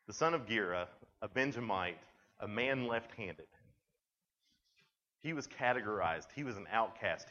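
A man preaches to a youth camp, retelling a story in a loose, chatty way, with lots of "like" and quick restarts. His voice sits fairly low. The recording sounds dull and lo-fi. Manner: lively, conversational storytelling with many "like"s. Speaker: camp speaker.

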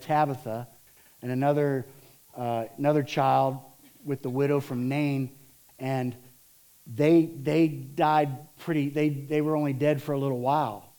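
Lively preaching pastor, a man. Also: medium pitch. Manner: lively storytelling, acts out voices of disciples and Martha. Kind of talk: sermon.

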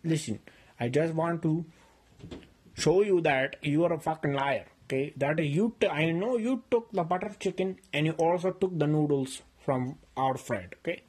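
A man's voice: fairly high pitch, normal speed, a little mellow, breathy edge, pitched below the performer's own voice. A man voicing a hot-tempered adult man who speaks in broken English and angrily accuses a friend of stealing his food, in a comedy skit. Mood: coaxing. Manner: broken English, insulting, indignant.

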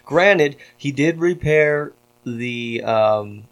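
A man's voice: mid-range voice, animated, drawn-out words. Profane, worked-up male podcast host. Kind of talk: casual chat.

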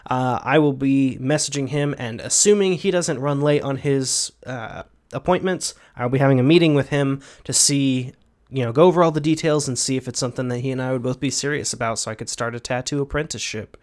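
Chill twenty-something guy on a podcast, easygoing, cusses a bit, mid-pitch voice. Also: brisk. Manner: laid-back, swears casually, laughs often. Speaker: podcast co-host. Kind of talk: casual chat.

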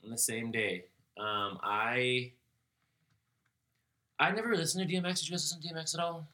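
A man's voice: medium pitch, a little fast. Congested young man hosting a podcast. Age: 20s. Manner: laughing, swearing, animated chat. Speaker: podcast host. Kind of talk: casual podcast chat.

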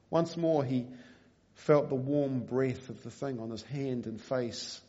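A man preaching a sermon, reading a story aloud in a measured, quiet way. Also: mid-range voice. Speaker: pastor. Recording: dull lo-fi recording.

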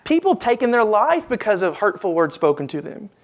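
A woman's voice: mid-range voice, very animated, fairly quick. A woman preaching a sermon, earnest and emphatic, with rhetorical questions and repeated phrases.

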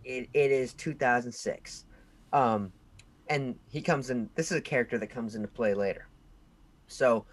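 This young man co-hosts a casual podcast and tells a lengthy tale in an animated manner. Whenever he imitates someone else's shouting, he jumps to a loud, high pitch.

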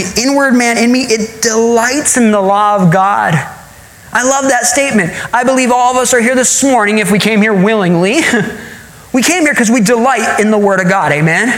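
A man preaching a sermon as pastor, acting out scripture in a lively way and chuckling often. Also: high voice, echoey room, poor audio. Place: church.

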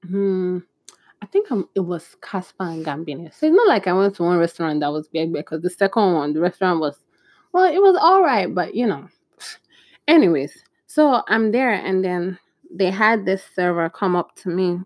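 A woman's voice: fairly low pitch, normal speed, dry recording, clean studio sound. Chatty young woman telling stories. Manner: chatty and animated, acting out dialogue with exclamations. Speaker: vlogger. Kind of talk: casual storytime chat.

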